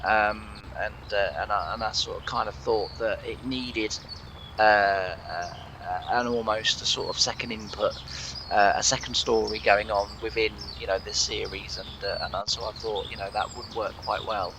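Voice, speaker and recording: A man's voice: fairly low pitch, fairly even intonation, normal speed, noisy background. An English man with a sore throat, chatting casually over a farming game with lots of fillers and restarts. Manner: rambling, many fillers and restarts. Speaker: gaming channel host. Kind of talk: casual let's play commentary.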